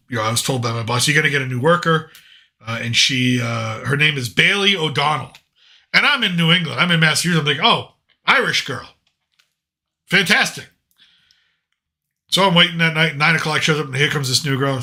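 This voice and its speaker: A man's voice: medium pitch, bright, forceful tone. An American man hosting a casual talk show, telling long stories with lots of restarts and acted-out quotes. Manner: rambling anecdotal, frequent restarts and quoted dialogue. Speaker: podcast host. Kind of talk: casual storytelling chat.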